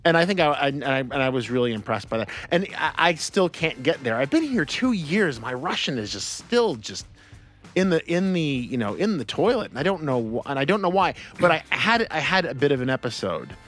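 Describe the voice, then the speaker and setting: A man's voice: on the high side, big pitch swings, brisk, fairly bright tone, soft background music. An American man hosting a radio show in a studio, talking casually and animatedly with lots of laughs and restarts. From United States. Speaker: radio host. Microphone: studio microphone.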